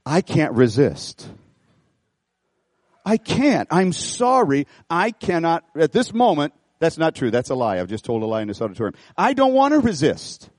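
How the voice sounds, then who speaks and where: A middle-aged man pastoring a church, preaching an animated sermon, folksy and full of repeated phrases as he tells a story. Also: fairly high pitch, normal speed, no room sound, clean studio sound. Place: church auditorium.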